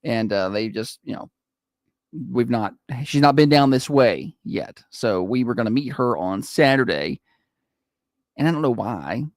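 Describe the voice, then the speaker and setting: A man co-hosting morning radio, joking and teasing in a relaxed, chatty way. His mid-range voice rises and falls a lot. He sounds close and dry on a studio mic. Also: mid-range voice, unhurried, no echo. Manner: teasing, playful, often laughing. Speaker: radio morning show co-host. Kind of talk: casual on-air banter.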